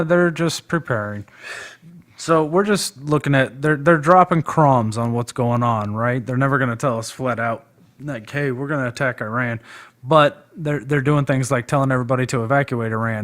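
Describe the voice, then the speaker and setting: A man's voice: medium pitch, moderate pace, fairly bright tone. A man talking casually on a live stream, chatty and rambling in a loose, informal way as he discusses politics. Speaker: guest debater on a live stream.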